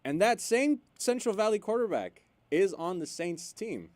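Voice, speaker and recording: A man co-hosting a radio sports show, chatting casually and getting loud and animated when worked up. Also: high voice, a little slow, no echo. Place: radio studio.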